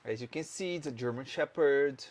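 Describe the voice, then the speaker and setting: Easygoing man co-host, mid-pitched, talks slowly and briefly. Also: darkish tone. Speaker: podcast co-host. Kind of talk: casual chat.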